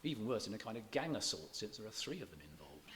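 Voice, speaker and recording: A man giving a public lecture on poetry, measured and scholarly, slowing down to read verse aloud with stressed beats and sometimes restarting his words. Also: on the low side, very animated, fairly bright tone, a little hiss or hum. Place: church hall.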